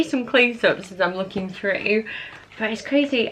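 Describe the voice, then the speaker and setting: A woman's voice: mid-range voice, measured pace, a bit bright, slight background noise. A young adult woman vlogging casually to camera, chatty and nostalgic, full of "like" and "oh my gosh".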